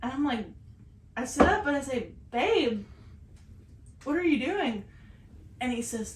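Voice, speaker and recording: A woman from Southern Indiana co-hosting a podcast, telling a story in casual chat, animated and swearing freely. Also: sits high, a little slow, pauses often, reverberant, a little hiss or hum. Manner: animated, swears freely, shouts when retelling. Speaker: podcast co-host.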